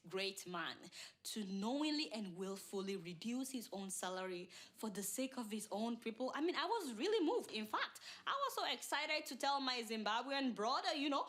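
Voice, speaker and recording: A woman's voice: high-pitched, a bit bright. A woman hosting a satirical news show, chatty and sarcastic, bantering with her crew. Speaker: show host.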